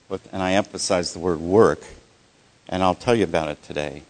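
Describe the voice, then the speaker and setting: Male workshop presenter, low-pitched, casual and halting, with frequent restarts and audience check-ins. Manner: halting, many restarts and fillers. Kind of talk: live workshop talk.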